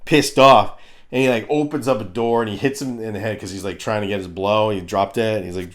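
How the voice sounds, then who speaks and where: A man's voice: on the low side, a little fast. Ranting middle-aged man reviewing cartoons. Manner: ranting, animated, crude. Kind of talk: comedic rant review.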